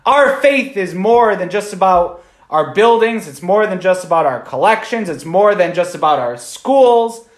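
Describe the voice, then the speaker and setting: A man's voice: high voice, lively intonation, unhurried, roomy sound. A man, a Catholic priest, giving an informal Sunday homily in a conversational way, often checking in with "right?".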